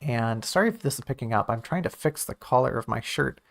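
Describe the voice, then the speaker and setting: A man's voice: medium pitch, lively intonation, a little fast, vocal fry. A man in casual stream commentary, reviewing his own writing draft, thinking aloud in a self-critical, joking way.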